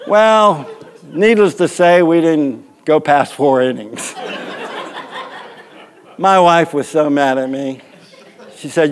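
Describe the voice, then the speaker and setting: A man with a fairly high voice preaches through a long, comic story of his own. He rambles with many restarts and often breaks into laughter, his pitch swinging up and down. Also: slow pace, long pauses. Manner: animated, rambling anecdote with frequent laughter. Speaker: pastor. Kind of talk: storytelling sermon.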